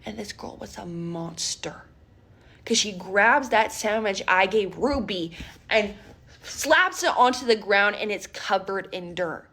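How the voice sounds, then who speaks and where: A woman telling a personal story in a storytime vlog, dramatic, speeding up and slowing down, dropping almost to a whisper. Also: mid-range voice, a bit bright. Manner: dramatic, swings between fast and slow, drops to near-whispers.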